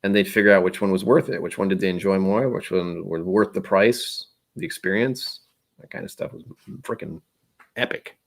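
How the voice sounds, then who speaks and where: A man hosting a casual livestream, chatting and rambling, often trailing off into quiet asides. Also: deep voice, normal speed, vocal fry. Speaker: livestream host.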